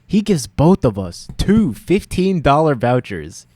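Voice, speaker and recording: A man's voice: fairly high pitch, very animated, a little slow, mellow, no room sound. Young man rambling through a story. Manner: rambling, laughs often, acts out quotes. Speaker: podcast co-host. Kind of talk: casual storytelling chat.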